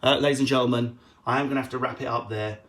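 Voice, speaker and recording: A man's voice: medium pitch, steady tone, fairly bright tone. Profane, riffing male comedian. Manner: quick, profane, jokey riffing. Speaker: stand-up comedian hosting a live Q&A stream. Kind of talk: casual live-stream Q&A.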